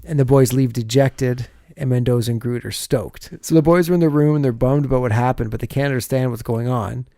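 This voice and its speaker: A man's voice: medium pitch, fairly quick, few pauses, mellow, no echo, clean studio sound. A man co-hosting a podcast, casually recapping a TV episode scene by scene and laughing often as he goes.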